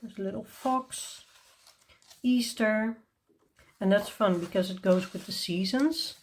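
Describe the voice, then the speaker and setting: A woman speaks at an unhurried, leisurely pace, presenting coloring books to her viewers. Her talk is casual and enthusiastic, with frequent ums and small laughs between thoughts. She sounds a little tired. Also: mid-range voice. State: tired and yawning. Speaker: coloring channel host. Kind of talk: casual show-and-tell review.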